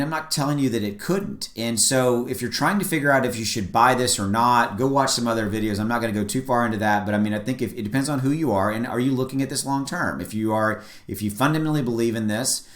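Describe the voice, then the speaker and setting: A man's voice: mid-range voice, fast, few pauses. Male vlogger, mid-range voice, earnest and emphatic with many restarts, recorded in a room with echo. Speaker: crypto video host. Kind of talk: casual direct-to-camera opinion talk. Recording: echoey room.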